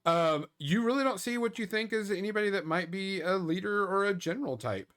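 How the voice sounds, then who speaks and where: A man's voice: high-pitched, expressive, brisk, fairly bright tone. A man narrating a tabletop game as game master in a loose, casual way, full of fillers and little chuckles.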